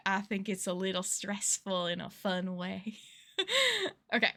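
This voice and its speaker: A woman's voice: medium pitch, level tone, a little slow, sharp tone. A woman streamer in casual livestream chat while playing a game, chatty, giggly and self-deprecating.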